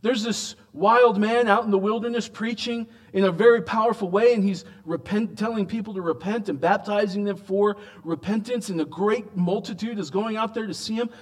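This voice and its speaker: A man preaching an expository sermon, emphatic, with loud raised lines and quiet low asides, slowing right down on quoted words.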